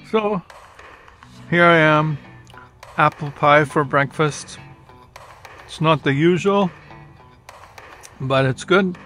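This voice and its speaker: A middle-aged man chatting casually to camera from a chilly greenhouse in the early morning, relaxed and unhurried, sometimes eating as he talks. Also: on the high side. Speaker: YouTube vlogger. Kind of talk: casual vlog talk to camera.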